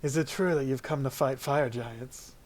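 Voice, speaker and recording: A man voicing a gruff, blunt middle-aged male dwarf king in a tabletop role-play game. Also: medium pitch, normal speed, lightly acted. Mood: probing.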